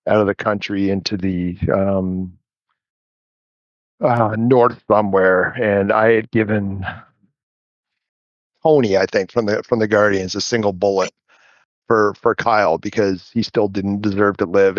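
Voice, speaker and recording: A man as an interview guest, telling stories in a relaxed, rambling way and chuckling often. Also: lowish voice, a little slow, long pauses, dry recording, dull audio. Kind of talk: casual storytelling chat.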